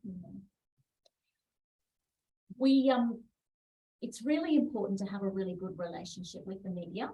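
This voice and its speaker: A woman's voice: medium pitch, lively intonation, normal speed, long pauses, dark tone, muffled recording. A woman hosting an interview, affirming her guest and asking about goals. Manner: affirming, frequent murmured agreement. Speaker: interviewer host. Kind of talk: conversational interview. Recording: distant from the mic.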